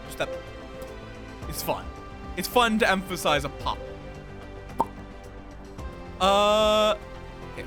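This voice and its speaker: Man, game streamer, high voice, unhurried, chatty, thinks out loud. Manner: chatty, greets chat while building, thinks aloud. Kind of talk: casual live-stream commentary.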